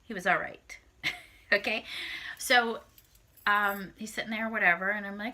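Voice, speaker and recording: Very bright-voiced, foul-mouthed woman. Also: mid-range voice, fairly even intonation, moderate pace, long pauses. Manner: blunt, heavily profane, acts out her own reactions. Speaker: vlogger. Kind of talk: casual storytelling to camera.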